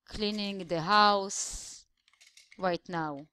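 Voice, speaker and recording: A woman's voice: mid-range voice, drawn-out words, pushed and bright, smooth, dry recording. A woman English teacher, patiently explaining grammar step by step in a slideshow voice-over.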